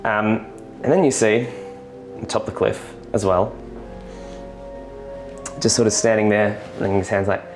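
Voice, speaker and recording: A man with a lowish voice narrates a tabletop role-play as game master. He rambles loosely, stopping for ums, with music playing clearly behind him. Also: fairly even intonation, a little slow, pauses often.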